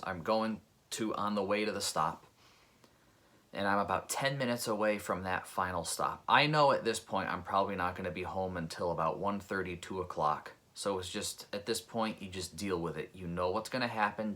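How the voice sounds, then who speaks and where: A man's voice: low voice, pushed and bright. A man, a pest control technician, telling a personal story in an earnest, reflective, conversational way.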